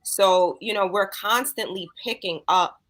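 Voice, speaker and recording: A woman's voice: medium pitch, unhurried, fairly bright tone. A woman co-host in a casual chat over a video call, earnest and giving advice.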